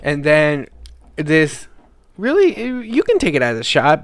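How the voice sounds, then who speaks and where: A man's voice: on the high side, wildly swooping pitch, unhurried. A young man co-hosting a casual podcast at home, joking around and swearing freely. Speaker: podcast co-host.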